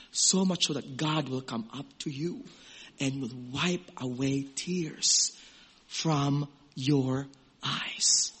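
A man preaching a sermon in a conversational, animated way, swinging from loud exclamations to hushed, gentle passages and acting out little quoted voices. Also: a little high, breathy edge. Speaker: pastor.

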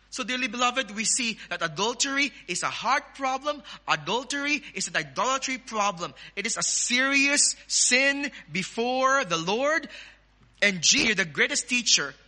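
A man with a Filipino accent preaching a sermon as pastor, emphatic, with sudden loud rises. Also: high-pitched, animated, moderate pace.

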